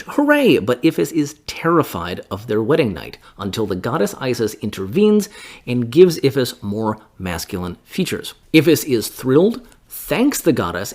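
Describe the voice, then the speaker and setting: Lively man chatting to camera. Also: medium pitch. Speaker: TikTok creator. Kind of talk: casual talk to camera.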